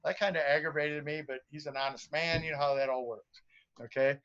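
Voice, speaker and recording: Here a man who prospects for gold spins a casual tale on a live stream over a video call, bringing it to life by performing the voices and sound effects. His voice is a little high and clean in tone, moving fairly quickly, though the stream audio comes through muffled and lo-fi.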